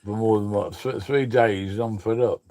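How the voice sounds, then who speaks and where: A man's voice: lowish voice, steady tone, normal speed, a little mellow. A man chatting casually as a guest, rambling and restarting his sentences. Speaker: guest on live stream. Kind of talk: casual chat.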